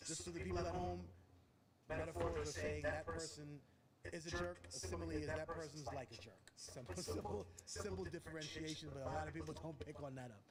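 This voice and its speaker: A man, a rapper, telling stories in a live on-stage Q&A, animated and profane. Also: a little high, a little fast, over a noisy crowd. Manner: animated storyteller, profane, acts out quotes. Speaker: rapper answering audience questions.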